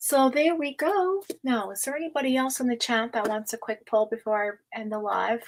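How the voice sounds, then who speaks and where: An American woman gives a casual live-stream tarot reading, chatty and gushing and full of fillers. Her voice sits on the high side at a normal speed, and the low-quality recording carries a little hiss or hum.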